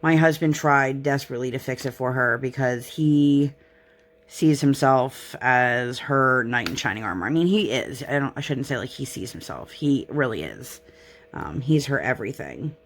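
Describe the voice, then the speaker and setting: A woman's voice: rumbling low, animated, normal speed. A young woman chatting casually on her crafting vlog, rambling and self-deprecating as she talks close to the mic. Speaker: crafting vlogger. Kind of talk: casual chat while crafting.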